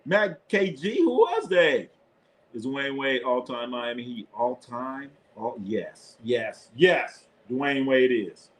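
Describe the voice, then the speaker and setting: A man's voice: mid-range voice, sing-song, slow. A man hosting a live sports stream, talking loosely in casual chat, blunt and profane, laughing often. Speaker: sports show host.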